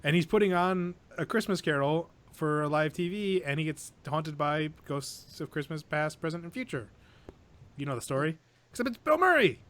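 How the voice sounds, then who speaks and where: A man's voice: fairly high pitch, steady tone, moderate pace, fairly bright tone. A man co-hosting a podcast, talking casually in a rambling, joking, profane way. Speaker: podcast co-host. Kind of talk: casual chat.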